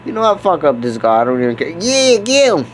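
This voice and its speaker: A man's voice: a little high, fairly quick, slight background noise. Rowdy, cursing man in game role-play. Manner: rowdy, swearing, excitable outbursts. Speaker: gamer playing a character.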